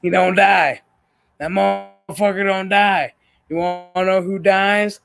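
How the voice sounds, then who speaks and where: A man hosting a gaming stream, telling a story in casual chat, profane and animated. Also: high voice, a little slow, creaky, faint music behind.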